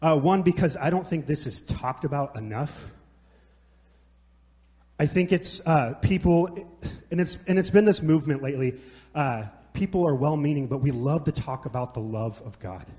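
A man's voice: fairly high pitch, moderate pace, mellow. A man preaching a sermon in a church hall, passionate and conversational, joking between scripture readings. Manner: passionate, conversational with jokes and restarts. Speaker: pastor.

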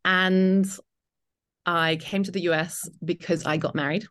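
British woman, low voice, thoughtful. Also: fairly even intonation, measured pace, fairly bright tone. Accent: British English. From Britain. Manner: thoughtful, with frequent um fillers. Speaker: podcast guest, journalist and author. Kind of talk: conversational interview.

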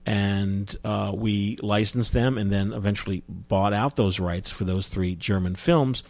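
A man's voice: lowish voice, unhurried, a little mellow, no echo. A man from New Jersey telling stories as an interview guest, chatty, with frequent restarts. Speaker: guest, film distributor. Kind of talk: casual interview storytelling.

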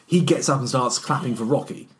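A man co-hosting a film rewatch podcast, talking in a casual, animated way with lots of fillers and swearing. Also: mid-range voice, fairly quick, a little hiss or hum. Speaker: podcast co-host.

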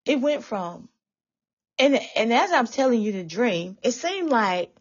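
A woman with a somewhat high, slightly rough voice speaks a little slowly but very animatedly as she recounts a dream in religious testimony. She's fervent, repetitive and often in tears, and the recording is dull and lo-fi.

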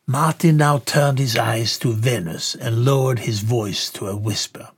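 A man reading a story aloud as narrator, in slow, measured storytelling. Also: mid-range voice.

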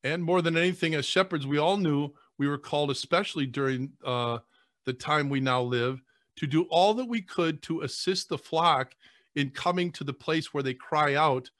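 A man's voice: a little high, fairly bright tone, no room sound. Earnest male priest on a podcast, stumbling over his words when moved, dry close sound. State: choking back tears. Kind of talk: emotional podcast conversation.

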